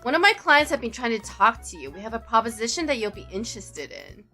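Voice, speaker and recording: A woman's voice: fairly high pitch, big pitch swings, fast, sharp tone, soft background music. A woman voicing a composed, unflinching female lawyer mentor in a visual novel read-aloud.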